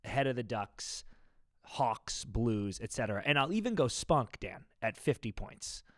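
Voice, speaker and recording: Excitable argumentative male co-host. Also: medium pitch, unhurried, dry recording, clean studio sound. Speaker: podcast co-host. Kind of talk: casual sports podcast banter.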